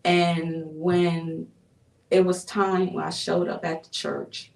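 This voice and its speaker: A woman from Buffalo, New York sharing a personal testimony as an interview guest, telling her story in an animated way with frequent laughs. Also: on the low side, slow, creaky. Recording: roomy sound from a distant mic.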